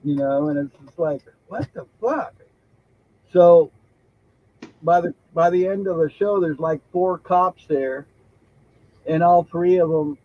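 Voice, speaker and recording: Rambling, fairly high-voiced male host. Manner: rambling storyteller, swears casually, laughs easily. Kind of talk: casual podcast chat. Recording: dull lo-fi recording.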